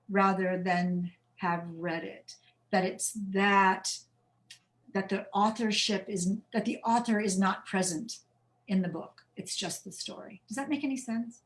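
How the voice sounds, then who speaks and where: A woman author answering audience questions in a chatty, animated way on a video call, often restarting her phrases. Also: medium pitch, rough recording. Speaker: author guest.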